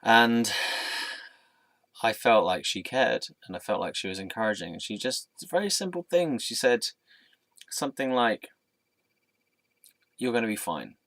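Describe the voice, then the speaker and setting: A young man telling a personal story in an earnest, reflective, soft-spoken way. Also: mid-range voice, normal speed, no room sound. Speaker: vlogger.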